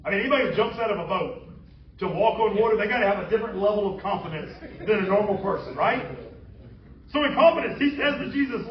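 Humorous high-voiced male preacher. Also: fast, a crowd in the background. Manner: animated, humorous storytelling. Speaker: pastor. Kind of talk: sermon. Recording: roomy, distant, dull sound.

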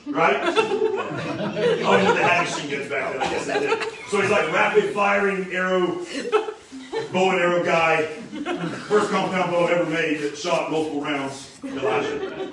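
A man preaching a casual, energetic sermon, slangy and animated, often repeating words as he restarts. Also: sits high, normal speed, crowd noise. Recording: very echoey room, distant mic.

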